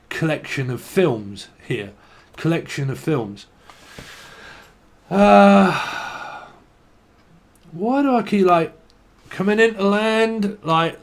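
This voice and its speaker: Brit guy rambling thru a tarot reading, kinda high voice, swears a lot, laughs at his own stuff. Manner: stream-of-consciousness, swears freely, laughs at himself. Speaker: tarot reader.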